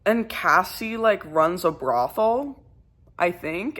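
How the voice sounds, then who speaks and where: A young woman vlogging casually, ranting in an exasperated, animated way with lots of fillers. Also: medium pitch, a little slow. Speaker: YouTuber. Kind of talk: casual vlog commentary.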